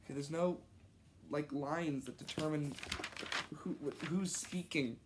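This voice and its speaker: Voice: medium pitch, unhurried, noisy background. A reader casually reading aloud an old childhood story, amused and stumbling over the messy handwriting with joking asides. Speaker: reader of own childhood stories.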